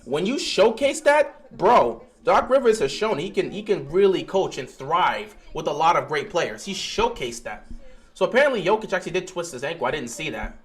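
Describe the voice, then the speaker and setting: Excitable young man reacting to a live game. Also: on the high side, moderate pace. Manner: excitable, swings from mumbling to shouting. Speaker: live stream host.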